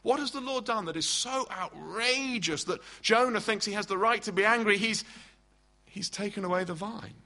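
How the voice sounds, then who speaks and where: Bright-voiced preacher, animated and dramatic. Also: male voice, high voice, moderate pace. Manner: dramatic, acts out quoted speech, asks the congregation questions. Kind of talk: sermon.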